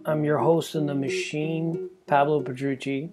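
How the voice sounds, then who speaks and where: A man's voice: on the high side, level tone, a little slow, few pauses, over loud music. A man hosting a podcast, talking in a rambling, digressive way and chuckling between thoughts. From Canada. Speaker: podcast host. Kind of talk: casual podcast monologue.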